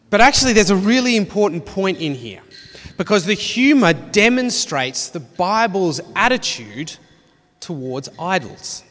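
A man's voice: high-pitched, fairly bright tone. A man preaching a sermon, reading Bible passages expressively with dry humour. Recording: long reverb of a hall.

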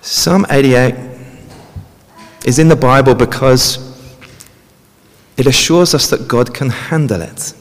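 A man's voice: mid-range voice, takes it slowly, long pauses. Male preacher in a reverberant hall. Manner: conversational, frequent tag questions. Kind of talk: sermon. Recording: long reverb of a large hall.

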